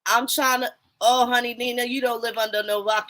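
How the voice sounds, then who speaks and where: Woman going off on a live talk room, kinda high voice, cussing a lot, blunt and loud about it. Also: a little fast. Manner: blunt, animated, swears often, talks to listeners as y'all. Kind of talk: casual profane commentary.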